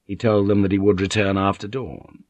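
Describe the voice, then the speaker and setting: A man reading a novel aloud as a narrator, measured and even. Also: low-pitched, no echo, muffled recording. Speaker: audiobook narrator. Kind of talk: scripted narration.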